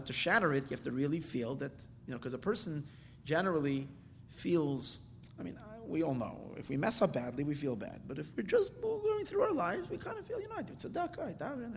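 A man leads a Hasidic text class in an emphatic way, jumping into sudden high bursts and dropping into soft asides. His voice sits a little high. The recording rings with a long hall reverb over a faint low rumble. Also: creaky. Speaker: Torah teacher.

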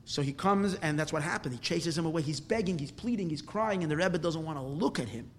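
A religious teacher telling a tale as a lesson, with animated, repetitive phrasing that swells louder at dramatic moments, then closing with a blessing. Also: male voice, on the high side, quick pace, creaky, hardly any pauses. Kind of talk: storytelling lesson ending in a blessing.

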